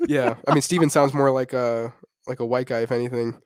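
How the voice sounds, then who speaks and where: Young male podcast host, lively raunchy storyteller, dry close-miked sound. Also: mid-range voice, normal speed, long pauses, clean tone, dry recording. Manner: animated, swearing, slangy, laughing often. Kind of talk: casual storytelling chat.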